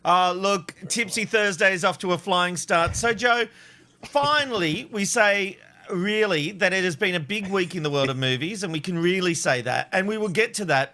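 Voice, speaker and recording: A male host in casual banter, with a bright, fairly high voice. He laughs often and jokes with his co-hosts. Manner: jokey, laughs often, puts on silly accents. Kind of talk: casual chat show banter.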